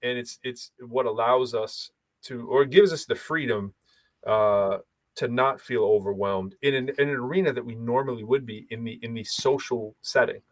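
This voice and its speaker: A man co-hosting a podcast, talking in an animated, emphatic way and repeating phrases for effect. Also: medium pitch, normal speed, dry recording. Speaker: podcast co-host. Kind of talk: casual chat.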